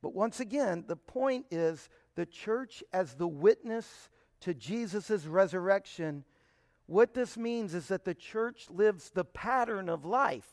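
A man's voice: sits high, no echo, studio quality. A man giving an emphatic Bible teaching, often posing rhetorical questions to his listeners.

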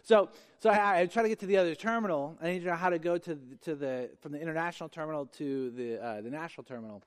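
A pastor with a notably high voice preaches a sermon quickly and emphatically, circling back to repeat key phrases. A long reverb carries his words, as if in a large sanctuary.

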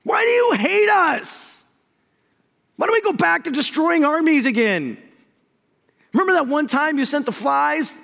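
A pastor voicing a crowd of complaining Israelites who whine and accuse their leader. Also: male voice, sits high, huge pitch swings, a little slow, creaky, hardly any pauses, fairly bright tone, breathy edge, big-room sound, heavily acted. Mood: whiny. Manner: whining, accusing.

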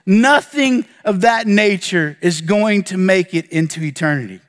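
A male pastor with a high, ringing voice delivers an earnest sermon, building lists with pointed pauses. The sound rolls through a church with a long, echoing tail. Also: animated, fairly bright tone.

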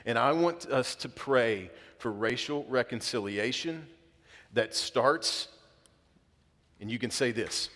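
A man's voice: mid-range voice, expressive, a bit bright. Guy in his 30s preaching, earnest, gets worked up, voice rings out in a big church hall. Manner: earnest, builds up with emphasis, halting restarts. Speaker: pastor. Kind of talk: sermon. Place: church auditorium. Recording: long hall reverb.

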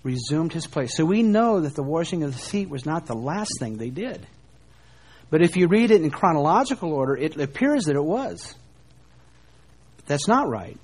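Animated preacher with a raised voice. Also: male voice, a little high, moderate pace, slightly rough. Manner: animated, rising and falling emphasis, rhetorical questions. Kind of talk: sermon.

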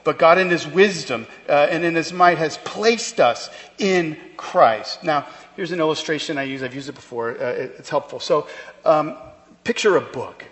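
A man's voice: on the high side, normal speed, a bit bright. Man preaching in a reverberant hall. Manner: emphatic, rhetorical questions, conversational asides. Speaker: pastor. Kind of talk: sermon. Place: church.

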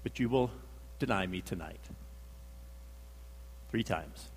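A man's voice: mid-range voice, wildly swooping pitch, takes it slowly, pauses often, a little mellow, breathy edge. A man delivering a sermon in a mid-range voice, building drama as he acts out each scene and leans on repetition. His voice carries a long reverb tail, as though he is speaking in a large hall. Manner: dramatic storytelling, acting out quotes, emphatic repetition. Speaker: preacher.

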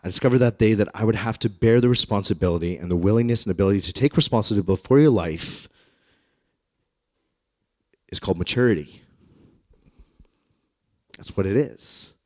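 A man in his thirties preaching a sermon through personal stories, in a conversational, self-deprecating manner that grows animated when he retells dialogue. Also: on the low side, no echo, clean studio sound. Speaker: pastor. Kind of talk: storytelling sermon.

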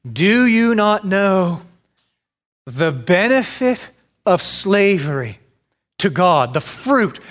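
A pastor in his thirties preaches with a slightly high voice. He takes his time, spacing out each rhetorical question and letting it land before moving on. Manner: slow, deliberate preaching with repeated rhetorical questions. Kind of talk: sermon.

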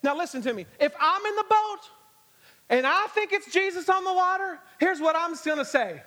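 A man's voice: very high voice, animated, moderate pace, sharp tone, big-room sound. A man preaching a sermon as guest pastor, telling the story with humor and acting out the scenes. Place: church sanctuary. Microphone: handheld or stage microphone.

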